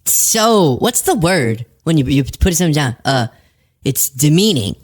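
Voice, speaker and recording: A woman hosting casual political commentary, sarcastic and animated, laughing at her own jokes. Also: low-pitched, a little slow.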